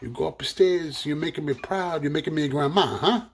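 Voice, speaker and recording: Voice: medium pitch, fairly quick, a little hiss or hum, natural voice. A joke teller voicing a pushy older mother urging her son on.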